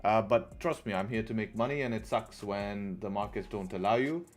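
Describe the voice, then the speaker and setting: A man's voice: lowish voice, moderate pace. A young man hosting a live trading stream, chatting casually and answering viewers' questions as he goes. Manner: laid-back, chatty, reads chat aloud. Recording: faint music behind.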